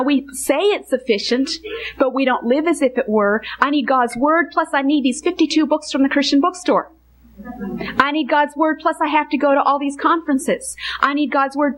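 A woman's voice: high-pitched, poor audio. A woman teaching from the Bible to other women in an earnest, emphatic sermon style, building her points through repeated parallel phrases.

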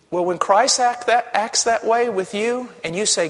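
A male pastor preaching a sermon, passionate, dropping to a hush and then rising to a shout. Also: sits high, expressive, measured pace. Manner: impassioned, swings from hushed to shouting. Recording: long hall reverb.

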